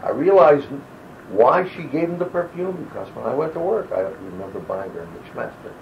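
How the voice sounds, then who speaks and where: An old army veteran with a gravelly, medium-pitched voice is very animated at a moderate pace, telling rambling war stories for an oral-history interview. He strays into digressions and brings quoted people to life with their voices. The home audio recorder left lo-fi old tape with faint hiss.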